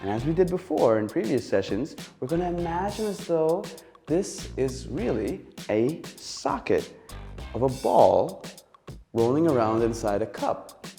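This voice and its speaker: A man leading a guided body exercise session, calmly coaching listeners through stretches and breathing with audible sighs. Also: medium pitch, unhurried, faint music behind. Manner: calm, encouraging, coaching through movements with sighs. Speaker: exercise instructor.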